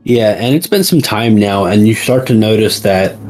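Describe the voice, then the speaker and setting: Game master, male, low voice, unhurried narration over background music. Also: animated. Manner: slow, halting narration with many fillers.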